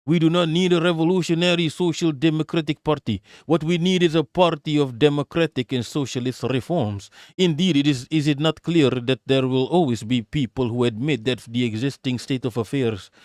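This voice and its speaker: A man's voice: a little high, a little fast, few pauses, darkish tone, no echo, studio quality. A man streaming, reading a text aloud in an emphatic, declamatory way with brief remarks of his own.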